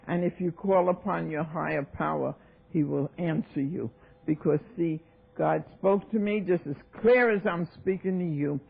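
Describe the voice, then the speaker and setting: A woman's voice: deep voice, moderate pace, creaky, husky. A woman in her seventies with a New York accent, telling her recovery story at a meeting, emphatic and acting out voices. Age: 70s. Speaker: AA speaker. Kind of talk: recovery talk, personal story. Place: meeting hall. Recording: tinny lo-fi 1990s tape.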